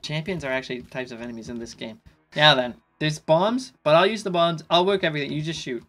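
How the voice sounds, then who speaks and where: A slightly drunk man giving casual let's play commentary, excitable and swearing in sudden panicky outbursts. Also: fairly high pitch, quick pace, faint music behind. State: tipsy. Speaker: gaming YouTuber.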